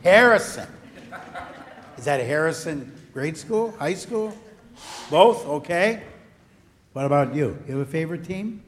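A man serving as pastor, reading the gospel and then giving a lively children's message in church, coaxing the kids to cheer and repeat after him. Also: on the high side. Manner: slow, animated, coaxing children to join in. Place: church sanctuary.

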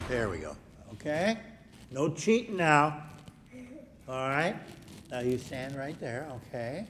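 A man, a pastor, gently leading a children's message during a church service. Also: mid-range voice, sing-song, slow pace, pauses often, slight background noise. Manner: gentle, coaxing, talks to children. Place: church sanctuary.

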